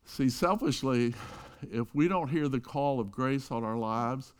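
Middle-aged pastor preaching, goes loud then drops real quiet, normal mid voice. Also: male voice, medium pitch, unhurried, smooth. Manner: storytelling with wide swings between loud emphasis and hushed quiet. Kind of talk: sermon.

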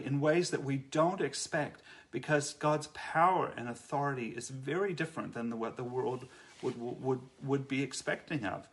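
A man giving an earnest, reflective faith talk, often pausing and restarting his sentences. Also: medium pitch, a bit bright. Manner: earnest, halting, many restarts. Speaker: Christian speaker.

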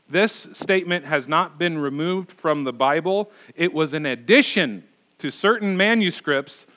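A man's voice: on the high side, sharp tone. A man preaching as a pastor, conversational and emphatic, asking his listeners rhetorical questions. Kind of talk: sermon.

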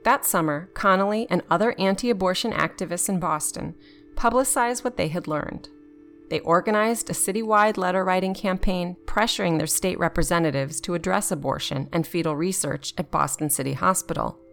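A woman reading scripted documentary narration in a steady, even way. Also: lowish voice, moderate pace, gravelly, soft background music.

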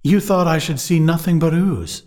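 A man voicing a triumphant deep-sea explorer who speaks proudly and emphatically. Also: normal speed, a little mellow, close to an everyday voice.

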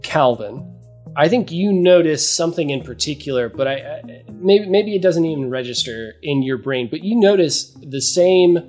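A man's voice: on the high side, animated, moderate pace, a little mellow. Game master guy narrating, giggly, stumbles and restarts, faint music under it.

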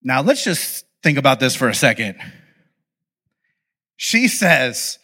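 High-voiced, bright-toned male preacher. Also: slow pace, long pauses. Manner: animated, playful storytelling with asides. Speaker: pastor. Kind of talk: casual conversational sermon.

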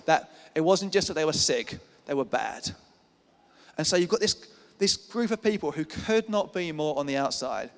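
A man preaching a sermon in a casual, conversational way, often repeating words as he builds his points. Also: on the high side. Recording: church hall reverb.

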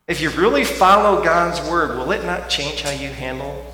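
A man preaching a sermon in a church, talking conversationally and swinging from quiet reflection to loud emphasis. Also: on the high side, animated, normal speed, few pauses. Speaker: pastor. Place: church sanctuary. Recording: echoey hall with faint hum.

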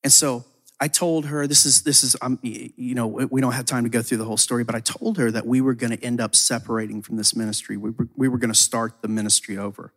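A man's voice: medium pitch, flat delivery, fast talker, a bit bright. A man giving a sermon testimony as a ministry leader. He tells the story casually, with frequent "like" fillers and repeated words.

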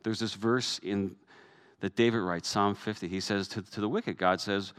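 A man's voice: fairly low pitch, steady tone, moderate pace, fairly bright tone. A man, a pastor, preaching a sermon in a conversational way that rises to emphatic peaks.

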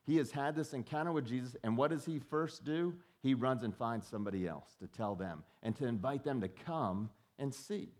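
A man's voice: medium pitch, normal speed, hardly any pauses, darkish tone. A man preaching a sermon in a conversational way, often repeating words as he starts a thought and acting out quoted voices. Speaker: pastor.

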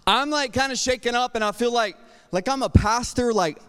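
A male pastor preaching a sermon with personal stories, energetic and humorous, moving between quiet asides and loud exhortation. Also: extremely high pitch, normal speed, clear, resonant tone. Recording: long hall reverb.

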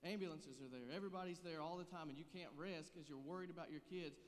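A man's voice: a little high, fast talker, in a large hall. A man in his thirties preaching a sermon, conversational and joking, growing earnest and intense. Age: 30s. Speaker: pastor.

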